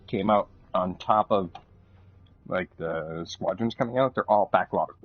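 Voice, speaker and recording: A man's voice: lowish voice, moderate pace, husky. A man chatting casually while he plays a game, rambling loosely and swearing freely. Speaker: gamer streaming a match. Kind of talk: casual chat while gaming. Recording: dull lo-fi recording with faint music.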